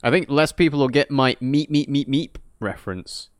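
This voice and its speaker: A man's voice: medium pitch, moderate pace, dry recording, clean studio sound. A man casually commentating a game with a playful, wry manner. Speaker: let's play co-host.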